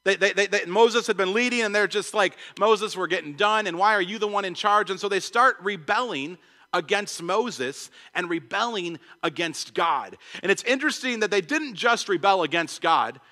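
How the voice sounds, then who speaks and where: A man preaching a sermon, animated, often repeating words and acting out the voices of the people in his story. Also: sits high, moderate pace. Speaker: pastor. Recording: long hall reverb.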